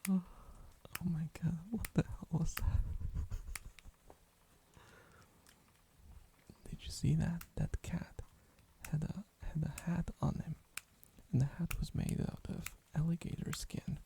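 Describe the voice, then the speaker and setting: An ASMR streamer rambling in a soft whisper, playful and giggly, meowing on viewers' requests, close to the microphone. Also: medium pitch, steady tone, takes it slowly, creaky, pauses often.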